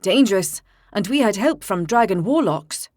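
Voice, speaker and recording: A woman voicing a good-natured, steady young male warrior with calm, warm, reassuring speech. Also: medium pitch, moderate pace, dry recording, studio quality, lightly acted.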